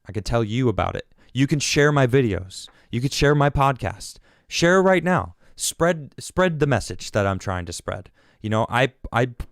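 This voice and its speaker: A man in the middle of a fed-up rant on his own podcast, often stumbling and restarting. His pitch leaps up and drops away. The sound is dry and close, with no room around it. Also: dry recording. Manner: animated, exasperated, restarts often. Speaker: podcast host. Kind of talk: ranting political commentary.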